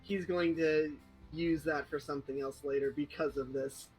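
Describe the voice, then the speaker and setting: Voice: medium pitch, steady tone, moderate pace, faint music behind, low-quality recording. A player in a tabletop game, describing a character's actions in plain third person.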